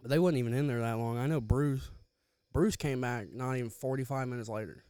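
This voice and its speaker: A man's voice: medium pitch, a little fast, warm tone, smooth, dry recording. A young man telling a rambling, profane story in casual chat, slangy and loose. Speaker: podcast co-host.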